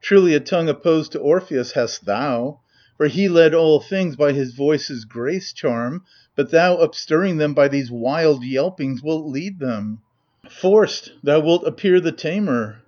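A man's voice: fairly high pitch, expressive, a little mellow, dull audio. A man reading as a gloating usurper. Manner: proud, measured declamation. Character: gloating usurper, avenger of his father.

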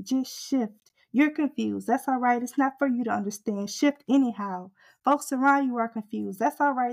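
A woman's voice: fairly high pitch, a little mellow. A woman preaching a sermon with fervent, rhythmic exhortation that builds in intensity through repeated refrains.

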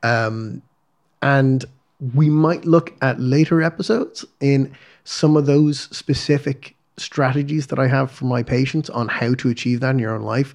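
A man who teaches martial arts, talking in a casual podcast conversation in a thoughtful, animated way. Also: medium pitch, measured pace. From Ireland. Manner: thoughtful and animated, with frequent ums.

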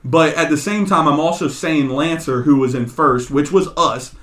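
Man telling a story, animated, swearing, slightly high voice, roomy sound. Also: moderate pace, recorded from a distance. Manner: animated, profane, laughing. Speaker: podcast co-host. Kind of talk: casual chat, storytelling.

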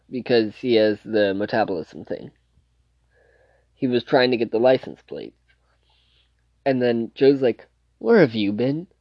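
A man's voice: mid-range voice, dry recording, muffled recording. A man casually recapping a TV show's plot, rambling and restarting as he loosely quotes the scenes. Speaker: TV show reviewer.

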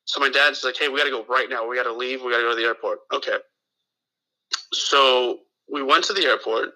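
A man with a very bright, sharp voice tells a long, rambling story in casual chat. He swears freely, restarts his sentences and acts out the lines of the people in it. The sound is that of a talk radio show. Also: medium pitch, a little fast, low-quality recording. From Los Angeles area. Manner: rambling, profane, full of restarts and quoted dialogue. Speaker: guest telling a story.

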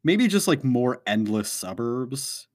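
A man narrating a tabletop game as game master, hesitant and full of fillers but animated. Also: medium pitch, slow pace.

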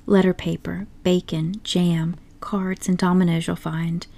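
A woman voicing a boastful, excitable male toad in an audiobook story, talking grandly and pushily. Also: on the low side, a little slow, gravelly. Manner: grandly enthusiastic, pushy.

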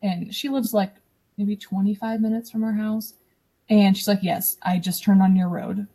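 Breathy young woman telling her story. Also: medium pitch, normal speed. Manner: animated, acts out quoted dialogue. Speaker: podcast guest. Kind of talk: casual personal storytelling.

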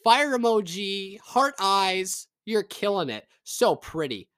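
A man voicing a gushing online fan in a squealing, drawn-out mocking tone, in a dry room. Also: high voice, big pitch swings, fairly bright tone, clean tone, no room sound, pitched above the performer's own voice, exaggerated voice. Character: gushing, shrill online fan heaping praise.

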